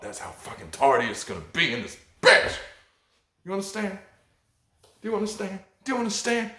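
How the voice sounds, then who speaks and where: Profane rambling comedy host. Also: male voice, a little high, a bit bright, reverberant. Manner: profane, rambling, mock-preachy.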